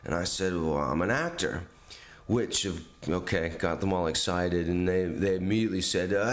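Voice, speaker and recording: A man telling a funny personal anecdote in a casual podcast chat, acting out the voices of the people in it. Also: moderate pace. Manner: animated storytelling, acts out quotes with pitch jumps. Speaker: storyteller on a podcast.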